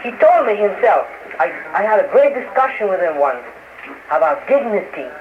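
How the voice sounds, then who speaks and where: A man in an interview who speaks haltingly, with many restarts and fillers, heard on an old radio recording. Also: high-pitched, big pitch swings. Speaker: interview guest. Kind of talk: casual interview talk. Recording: noisy lo-fi archival radio, phone-like.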